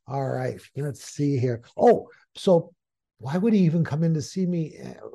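A man teaching hypnosis, telling a story in an animated, folksy way. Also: fairly high pitch, a little slow, vocal fry. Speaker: hypnosis trainer. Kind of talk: storytelling lesson.

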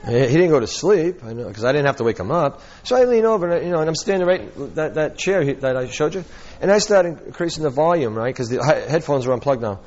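Lively man telling stories in a workshop. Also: on the high side, quick pace, highs cut off, a little hiss or hum. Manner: animated storyteller, acts out quotes, laughs often. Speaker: hypnotherapy trainer. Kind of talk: teaching a workshop with anecdotes.

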